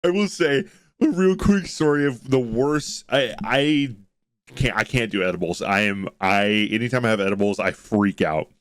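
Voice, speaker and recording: A man's voice: lowish voice, moderate pace, clean tone, no room sound. A young man hosting a reaction video, chatting casually and laid-back, often restarting his sentences. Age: young adult.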